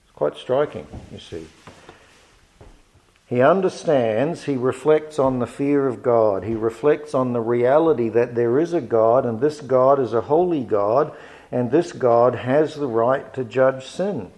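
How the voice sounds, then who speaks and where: A man's voice: mid-range voice, a little mellow, low-quality recording. Man preaching an earnest sermon. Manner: earnest, measured preaching with emphatic rises.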